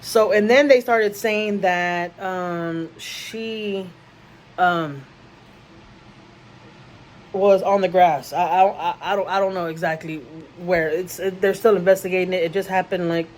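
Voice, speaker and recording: A woman's voice: fairly low pitch, fairly even intonation, measured pace, slight background noise, rough recording. Rambling woman vlogger. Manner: rambling, with many restarts and repeated words; emotional storytelling. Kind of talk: casual chat to camera.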